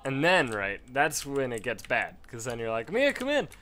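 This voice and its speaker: A man's voice: medium pitch, moderate pace, pushed and bright, a little hiss or hum. A man giving casual gameplay commentary from home at a desk mic, rambling into a profane story. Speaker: let's play gamer.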